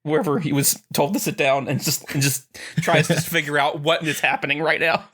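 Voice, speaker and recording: Husky, low-voiced woman player. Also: a little fast. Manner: lively, rambling description. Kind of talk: playing a tabletop game.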